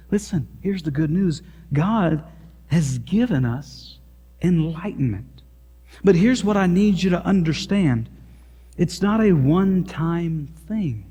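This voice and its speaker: A man from Missouri with a Missouri accent preaching a sermon as pastor, earnest and emphatic, becoming lively in his asides. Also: fairly high pitch. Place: church sanctuary. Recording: long church reverb.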